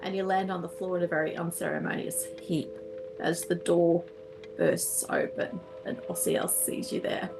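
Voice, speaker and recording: A woman running a tabletop game as game master, narrating with lively reactions and laughter. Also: on the low side, moderate pace, gravelly, over music.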